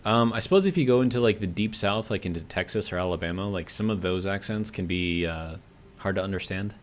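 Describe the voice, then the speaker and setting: An American man with a low voice talks fairly quickly as he streams, casually commenting on the video game he's playing and reading chat messages aloud. He rambles and thinks out loud, filling the gaps with plenty of fillers.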